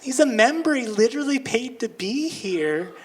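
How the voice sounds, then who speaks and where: A man's voice: extremely high pitch, lively intonation, normal speed, husky, voice pushed up, heavily acted. A man doing fretful, timid gym classmates. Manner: fretful, hesitant. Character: nervous whispering gym classmates, mixed adults. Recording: live club recording with background noise.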